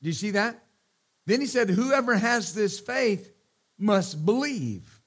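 A man preaches in a notably high voice, punching his points with hallelujahs and amens. He is a middle-aged pastor who slips into teasing asides before returning to the sermon. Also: sing-song, slow, breathy edge. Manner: emphatic, repeats hallelujah and amen, joking asides.

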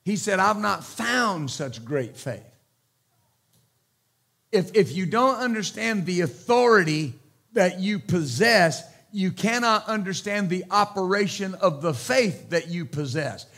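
A pastor delivering a sermon, preaching emphatically with repeated phrases and loud exclamations. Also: male voice, high-pitched, unhurried.

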